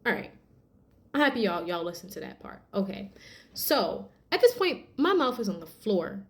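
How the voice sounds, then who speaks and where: Animated woman telling a testimony. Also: medium pitch, normal speed. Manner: animated, addresses viewers as y'all, acts out quotes. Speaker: vlogger sharing a testimony. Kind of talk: casual storytelling testimony.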